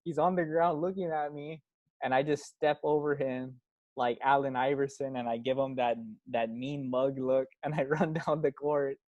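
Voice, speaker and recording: A man telling a story in casual conversation, relaxed and laughing through it. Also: medium pitch, normal speed, no room sound, highs cut off. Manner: laid-back, laughs through his stories. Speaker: podcast guest.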